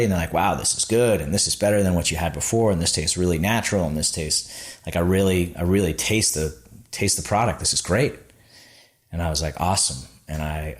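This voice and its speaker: Appearing as a podcast guest, a Floridian man who founded a snack bar company shares his origin story in an easygoing interview. His voice is very deep and low, and he brings the tale to life by impersonating the people he quotes, leaning heavily on "like" and "I was like."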